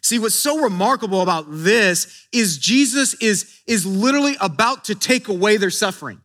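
A man's voice: high-pitched, animated, moderate pace, a bit bright. A man preaching a sermon in an earnest way, often repeating words as he builds emphasis. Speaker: pastor.

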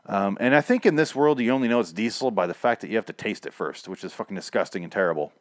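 Low-voiced man ranting through a recap. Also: fast talker, dry recording, clean studio sound. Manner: rambling, sarcastic, swears a lot, acts out characters' lines. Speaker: TV episode reviewer. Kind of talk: casual spoken recap and review.

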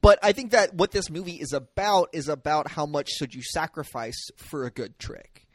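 A man co-hosting a loose movie conversation who talks haltingly, with frequent "like" and "um". His voice sits slightly high, with a dry, close sound and no room echo. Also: expressive. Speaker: podcast co-host. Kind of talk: casual film discussion.

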